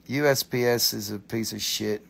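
Gravelly, excitable man selling crystals live. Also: on the low side, normal speed. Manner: chatty, excitable, crude jokes. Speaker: live-stream crystal seller. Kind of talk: casual live sales chat.

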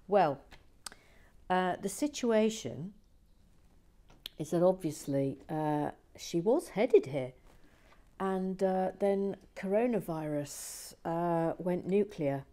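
A woman with a lowish voice chatting casually in her shed as she builds. She teases dryly, drifts into soft whispered asides, then picks back up in an easy conversational tone. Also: expressive, takes it slowly. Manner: dry, teasing, drops into soft whispers. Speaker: vlog host. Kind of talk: casual chat while building and reading comments.

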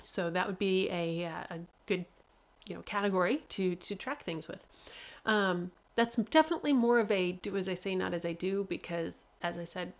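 A woman's voice: lowish voice, moderate pace. A woman author hosting a casual livestream, talking freely with lots of fillers and frequent laughter. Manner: chatty, laughs often, many fillers.

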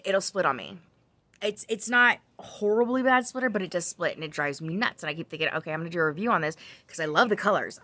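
A woman's voice: lowish voice, pushed and bright, no echo. A woman vlogging about her crochet projects in a casual, rambling chat full of tangents, ums and self-corrections. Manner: chatty, rambling with side tangents.

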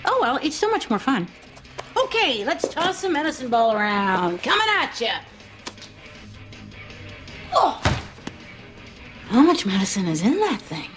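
A woman in a sitcom, talking in a bubbly, excitable way. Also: sits high, unhurried, long pauses, over music. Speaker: sitcom character, an excitable fitness fan. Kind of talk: sitcom acting.

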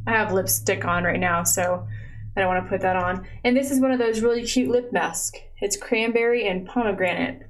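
A young woman chatting live to her stream from home, sitting right up against her microphone. She gushes and gasps over each thing she unwraps, and "like" and "oh my gosh" keep filling her sentences. Her voice sits at an ordinary middle pitch. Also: normal speed, rough recording. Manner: gushing, excitable, lots of "like" and "oh my gosh". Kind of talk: casual live-stream unboxing chat. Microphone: close desk mic.

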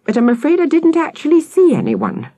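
A woman's voice: high voice, huge pitch swings, fairly quick, warm tone, no echo, pitched above the performer's own voice. A woman voicing a flustered middle-aged mother who speaks breathlessly. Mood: alarmed. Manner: breathless, alarmed.

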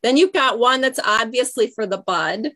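Chatty, slightly high-voiced middle-aged woman, easygoing crafting demo host who drifts off mid-thought. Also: expressive, normal speed, a bit bright. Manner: chatty, scattered, loses her train of thought. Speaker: crafting demonstrator. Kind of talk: casual craft tutorial.

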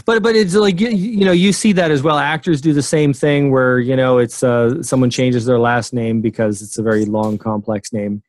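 A man's voice: mid-range voice, steady tone, moderate pace, few pauses, a little mellow, no room sound. A man in his sixties, a memory expert guest, talking casually in an interview with many fillers and restarts.

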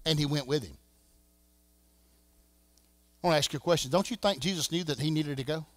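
Southern pastor guy preaching in church, high voice, dry sound, loud then quiet. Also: fairly quick, no room sound. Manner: preaching with swings from shouting to hushed. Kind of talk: sermon. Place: church sanctuary.

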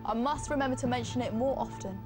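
A woman's voice: on the high side, fast. A woman co-hosting a TV game show live, playful with dry quips. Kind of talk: live TV presenting over music. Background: background music.

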